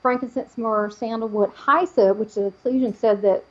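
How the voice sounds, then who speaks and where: A woman, a psychic medium guest on an interview show, telling a personal story in an animated way and acting out the voices she quotes. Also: on the high side, normal speed, dull audio.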